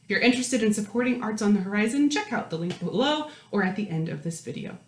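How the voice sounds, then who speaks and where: A woman hosting a children's storytime, reading aloud and chatting to young kids in a bright, lively sing-song manner. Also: mid-range voice, fast talker, slight background noise. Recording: roomy echo with piano. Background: piano.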